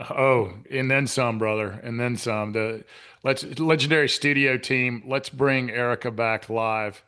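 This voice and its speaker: Man, interview host, bright forceful voice, mid pitch, approving, brisk. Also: steady tone, clear, resonant tone. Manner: warm affirmations, short approving interjections. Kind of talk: live interview hosting.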